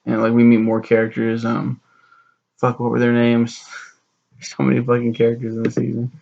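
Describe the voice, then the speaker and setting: A man's voice: mid-range voice, completely flat delivery, normal speed, gravelly, a little mellow, lo-fi sound. A young man rambling through a sarcastic, profane recap of a TV show, acting out the characters' lines as he goes. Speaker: show reviewer.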